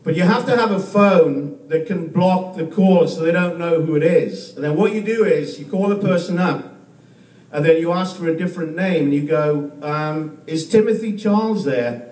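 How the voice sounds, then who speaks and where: A man working through a stand-up comedy set, stumbling and restarting his lines as he goes. His voice sits high for a man. He is picked up from some distance in an echoey room, with faint noise underneath. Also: darkish tone. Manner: halting delivery with repeated words and restarts.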